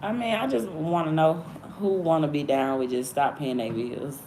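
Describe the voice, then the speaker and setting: A woman's voice: low voice, moderate pace, dark tone, slight background noise. A woman with a Southern accent from Alabama, hosting a casual livestream chat in a blunt, slangy, rambling way. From Alabama, USA. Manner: blunt, slangy and chatty, drifting between stories. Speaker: livestream host.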